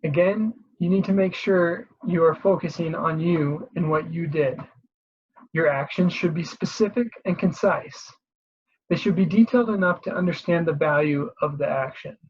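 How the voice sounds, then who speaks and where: Breathy husky presenter explaining step by step, kinda muffled lo-fi sound. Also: medium pitch, normal speed, darkish tone. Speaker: career advice presenter. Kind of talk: instructional voice-over.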